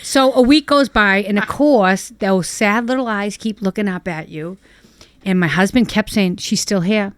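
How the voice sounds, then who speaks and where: An older woman, a dog owner and podcast guest, telling a family story in a casual, animated way and acting out what people said. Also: mid-range voice, moderate pace, clean tone, no echo. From Boston area. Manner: animated, acts out family members' voices in quotes.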